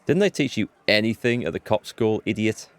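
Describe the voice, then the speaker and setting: A man's voice: on the low side, lively intonation, fairly quick, close to an everyday voice. Smug gang boss, read by a man. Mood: mocking. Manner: taunting, matter-of-fact.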